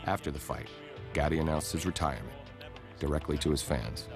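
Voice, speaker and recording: Super deep voiced guy narrating a doc, loud music bed. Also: creaky. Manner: measured documentary delivery. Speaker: documentary narrator. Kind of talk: scripted narration.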